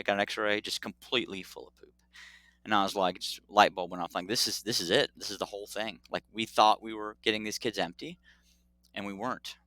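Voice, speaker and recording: A middle-aged man, a doctor, telling a story in a casual interview, animated and acting out dialogue. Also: fairly low pitch, brisk, no echo. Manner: animated, acts out dialogue, laughs often. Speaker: pediatric urologist guest.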